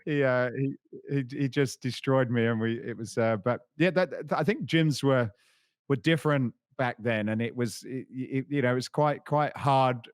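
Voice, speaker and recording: A man's voice: medium pitch, normal speed, dry recording, studio quality. A man hosting a podcast, sharing an anecdote and asking questions with many hesitant restarts. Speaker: podcast host. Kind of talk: conversational interview.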